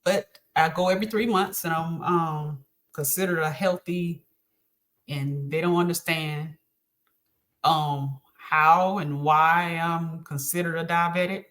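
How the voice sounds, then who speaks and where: A woman's voice: deep voice, fairly even intonation, takes it slowly, fairly bright tone. A middle-aged woman speaking as a podcast guest, talking earnestly about faith and encouragement with frequent ums. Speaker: podcast guest, host's mother. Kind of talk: casual chat.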